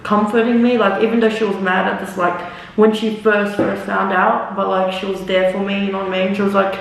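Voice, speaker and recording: Her medium-pitched voice is creaky with little pitch movement and a slightly fast pace as this young vlogger rambles through a makeup storytime, swearing freely and saying "like" and "literally" often. She speaks away from the camera in an echoey room, with roomy echo from a far-off mic.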